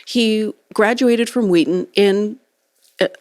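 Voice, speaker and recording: A woman co-hosting a podcast in casual chat, easygoing and quick to laugh, often finishing her co-host's sentences. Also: mid-range voice, darkish tone, no room sound, studio quality. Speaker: podcast co-host.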